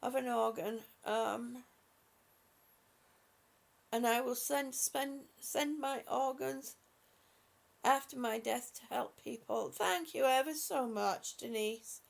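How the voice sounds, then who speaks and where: A woman hosting a live stream, speaking softly and affectionately to her viewers with halting, repeated words. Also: fairly high pitch, creaky. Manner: soft, affectionate, calls viewers honey and sweetie. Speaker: livestream host reading viewer comments. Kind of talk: slow casual live chat.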